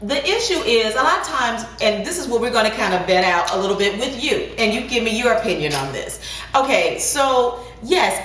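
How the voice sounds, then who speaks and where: A woman's voice: on the high side, moderate pace. Emphatic woman co-host in an echoey room. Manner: animated, emphatic, interrupts playfully. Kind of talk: casual chat. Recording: echoey room, far from mic, faint noise.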